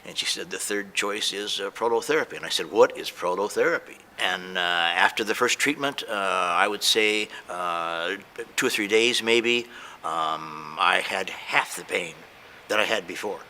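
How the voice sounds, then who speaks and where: A man tells his story as a patient, emotional and hesitant, stumbling through restarts and fillers. His voice sits a little low but sounds bright. Faint noise hangs behind him. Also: moderate pace. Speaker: patient giving a testimonial. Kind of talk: unscripted testimonial.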